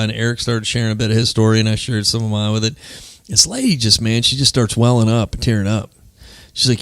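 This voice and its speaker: A man with a lowish voice hosts a casual podcast chat, speaking fast and telling stories in a chatty style peppered with "man" and "you know." He co-founded a men's mental health group, and his tone is clean with no echo.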